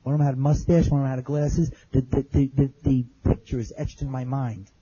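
A man's voice: medium pitch, level tone, brisk, mellow, slightly rough, muffled recording. A man telling an audience his survival story in plain, earnest words, repeating phrases as he remembers. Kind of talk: spoken testimony to an audience.

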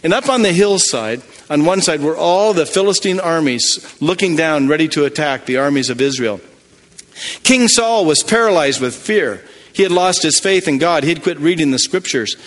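A man tells a story from the pulpit in a folksy, animated way, slipping briefly into voices for the people in it. His voice sits somewhat high for a man. The sound rings with the long reverb of a large hall. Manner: animated, folksy retelling with quick character asides. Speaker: preacher. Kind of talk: sermon storytelling.

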